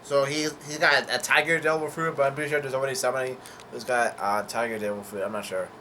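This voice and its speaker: Medium in pitch and steady in tone, his voice moves at a quick pace and comes across bright and forceful over slight background noise. The man is doing a casual read-through of a comic chapter, summarizing as he goes with plenty of fillers, hesitations and self-corrections.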